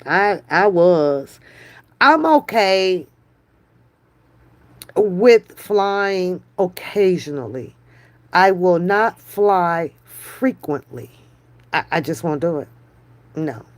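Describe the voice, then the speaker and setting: A woman hosting a live stream, chatting casually with viewers in a slow, drawn-out way, often brushing things off with a dismissive "mm-mm". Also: lowish voice, animated. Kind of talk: casual chat.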